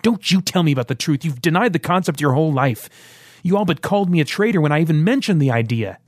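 A man's voice: on the high side, expressive, fast, no room sound, clean studio sound, pitched above the performer's own voice. A man voicing a passionate, insistent young male rebel in an audiobook. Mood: defiant.

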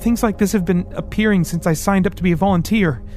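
A man reading an audiobook, voicing a young woman who argues, then pleads in fear, in a raised emotional pitch. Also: fast talker, darkish tone, faint music behind, natural voice. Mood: frightened.

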